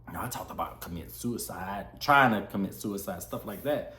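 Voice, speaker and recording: A man's voice: lowish voice, animated, a little fast, bright, forceful tone, a little hiss or hum. A young man vlogging a candid personal story, heartfelt and acting out the dialogue he quotes. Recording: roomy echo.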